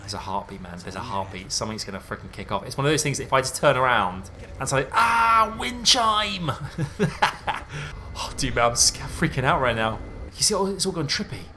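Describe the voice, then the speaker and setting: A man giving let's play commentary on a game, excitable and jumpy, thinking aloud in casual slang. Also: lowish voice, fast talker, slight background noise. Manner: casual slangy talk, says mate and dude. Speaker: gaming YouTuber.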